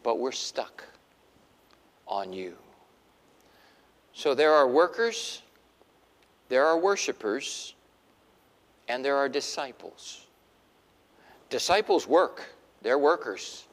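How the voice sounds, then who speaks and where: A middle-aged man preaching a sermon in an animated way, acting out the voices he quotes. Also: on the high side, slow pace, pauses often, big-room sound. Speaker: pastor.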